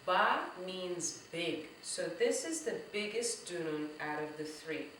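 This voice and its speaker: A woman teaching a children's drumming lesson, speaking slowly and encouragingly and chanting words loudly syllable by syllable. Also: on the low side, animated, a little hiss or hum. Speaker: teaching artist. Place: room full of drums. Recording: echoey room, voice a bit far from the mic.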